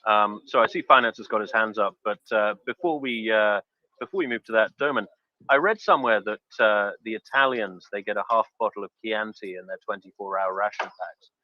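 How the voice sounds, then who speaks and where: A man's voice: fairly low pitch, a little fast, dry recording, dull audio. A man moderating a casual online panel, wry as he hands out turns.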